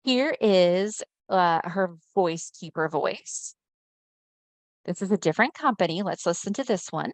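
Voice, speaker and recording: A woman's voice: fairly low pitch, lively intonation, unhurried, no echo. Chatty woman presenting a webinar. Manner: conversational, often checks in with listeners. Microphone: video call mic.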